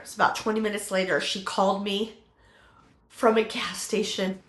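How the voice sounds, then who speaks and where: A middle-aged woman giving an emotional testimony in an interview, her speech halting and full of restarts. Her voice sits at a middle pitch and echoes around the room. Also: level tone, fairly bright tone. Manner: halting, with many fillers and restarts. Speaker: guest telling her testimony.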